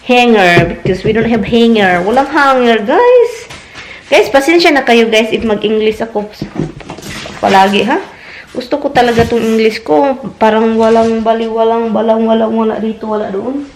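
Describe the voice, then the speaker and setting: A woman from the Philippines with a Filipino accent, chatting excitedly in a casual home vlog. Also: on the high side, a little fast, background noise. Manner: chatty, excitable, laughs often. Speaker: vlogger.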